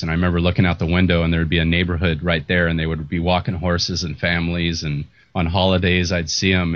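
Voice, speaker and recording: Middle-aged host, very low voice, dry and muffled; candid, heartfelt, rambling. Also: male voice, a bit bright, no echo. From United States. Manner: candid, emotional, rambling with restarts. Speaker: podcast host. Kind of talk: earnest interview talk. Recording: muffled lo-fi audio.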